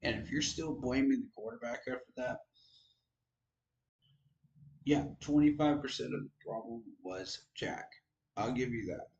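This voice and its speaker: A man's voice: mid-range voice, a little slow, pauses often, a little mellow, dull audio, a little hiss or hum. A tired man giving casual, frank football commentary on his own channel, rambling and poking fun at himself. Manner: rambling, frank, self-deprecating. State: tired, yawning. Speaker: sports fan vlogger.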